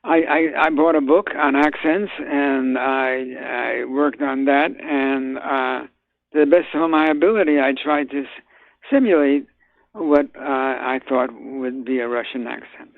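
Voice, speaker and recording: An older man speaks over a tinny phone line as a radio guest. His voice is gravelly, and he talks haltingly, circling back with fillers and restarts before he lands his point. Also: mid-range voice, fairly even intonation, no echo. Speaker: guest actor. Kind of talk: phone interview.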